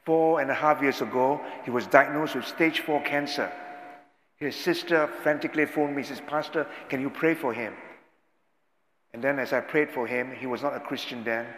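A man's voice: mid-range voice, normal speed, a bit bright. A man preaching, echoing through a hall. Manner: dramatic preaching, swells and drops in volume. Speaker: pastor. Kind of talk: sermon. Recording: echoey hall, long reverb.

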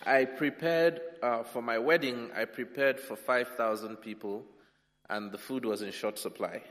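A man from Nigeria, preaching a sermon with humour, swinging between loud and soft. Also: medium pitch, unhurried. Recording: long hall reverb.

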